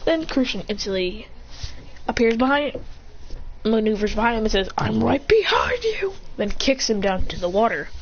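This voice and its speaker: A woman's voice: medium pitch, moderate pace, slight background noise. A woman telling an improvised story in a rambling way, full of restarts and sound effects, on a dull lo-fi recording.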